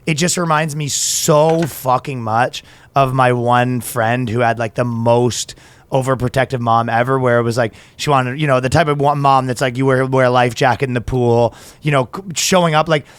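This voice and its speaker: Podcast co-host, man, mid pitch, profane riffing, dry close mic. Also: steady tone, normal speed, clear, resonant tone, no echo. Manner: profane, riffing, mocking imitations. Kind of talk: casual comedic podcast banter.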